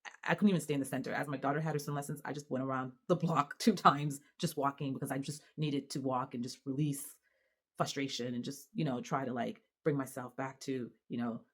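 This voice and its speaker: A mother talking straight to camera in a casual vlog, animated and exasperated, with lots of restarts and fillers. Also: very deep voice, fairly quick. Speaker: mother and vlogger. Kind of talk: casual venting monologue to camera.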